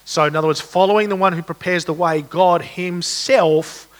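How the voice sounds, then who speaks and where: A man's voice: high voice, steady tone, normal speed. A man preaching a sermon, speaking in a conversational, earnest way and posing rhetorical questions.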